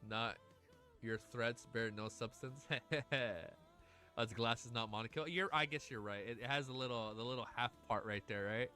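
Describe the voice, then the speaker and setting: A man streaming casually, chatting excitedly with his audience, swearing and gushing, at times near tears. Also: medium pitch, moderate pace, faint music behind. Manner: excitable, swears often, gushes and laughs. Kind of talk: casual livestream chat.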